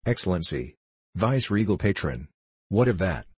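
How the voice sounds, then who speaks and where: A man reading the part of an angry, blustering middle-aged friar, sarcastic and loud. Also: low-pitched, sing-song, normal speed, breathy edge, no room sound, heavily acted. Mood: indignant.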